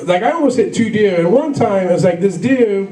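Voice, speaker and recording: A man with a high-sitting voice and lively intonation does a stand-up comedy set at a moderate pace, rambling through stories full of fillers and laughing at his own jokes. The low-quality recording is roomy and distant, with crowd noise.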